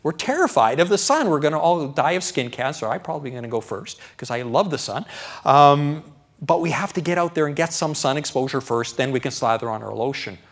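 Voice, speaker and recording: Animated lecturing doctor, chatty man. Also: on the high side, a little fast. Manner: animated, conversational, keeps asking "right?", acts out his own thoughts. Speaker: doctor giving a public lecture. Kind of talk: live health lecture to an audience.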